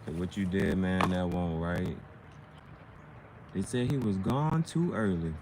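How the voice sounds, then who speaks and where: Low-voiced man rhyming off the cuff. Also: a little slow, noisy background. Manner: loose, slangy, playful rhymes. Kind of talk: casual rhyming monologue.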